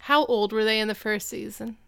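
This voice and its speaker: Podcast co-host, woman, smooth clear voice, casual and chatty, laughs easily. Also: fairly high pitch, fairly even intonation, fairly quick, fairly bright tone. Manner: chatty, laughs often, uses fillers. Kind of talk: casual chat recapping a TV episode.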